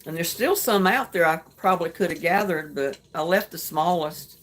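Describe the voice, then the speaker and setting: Chatty woman, lowish voice, faint hiss. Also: moderate pace. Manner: chatty, homey, laughs softly between remarks. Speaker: livestream host. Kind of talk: casual live chat reading comments.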